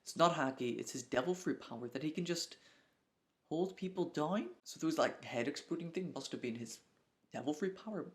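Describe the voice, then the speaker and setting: A young man giving casual, excitable commentary on a manga chapter, thinking aloud as he reads and reacts. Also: a little high, fairly quick.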